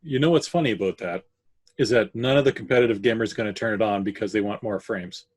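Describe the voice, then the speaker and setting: A Canadian co-host of a casual gaming podcast jokes around, tossing in playful asides and silly noises. He speaks quickly in a lowish, husky voice.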